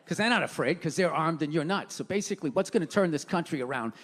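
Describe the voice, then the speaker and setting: A middle-aged man doing a loud, swearing stand-up rant on stage, heard with the reverb of a live hall and an audience. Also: on the high side, expressive, quick pace. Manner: loud, ranting, swearing, mocking. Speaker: stand-up comedian. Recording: live hall with crowd and faint noise.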